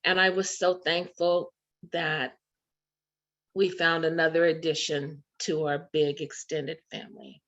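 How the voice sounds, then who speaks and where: A woman's voice: low voice, level tone, measured pace, a bit bright. A woman giving a memorial tribute speech, telling fond anecdotes over a video call. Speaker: memorial speaker. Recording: muffled video call audio.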